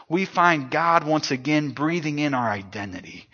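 A man preaching a sermon to his congregation, swinging between loud emphatic lines and hushed, soft ones. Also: a little high, animated, moderate pace. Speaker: pastor. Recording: dull lo-fi sound.

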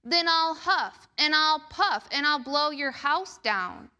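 A woman's voice: high voice, animated, slow pace, sharp tone, voice pushed up, full character voice. A woman voicing a hungry big bad male wolf in a read-aloud storybook, growling and howling his threats. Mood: menacing, howling.

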